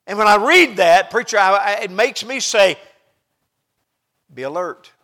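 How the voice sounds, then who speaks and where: A middle-aged man delivers a sermon in a noticeably high voice. He preaches with passion, rising to loud outbursts and then dropping to hushed asides. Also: normal speed.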